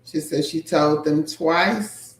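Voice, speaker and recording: A woman's voice: sits low, slow pace, roomy sound, slight background noise. A woman co-hosting a casual livestream, greeting viewers by name and reading out their comments.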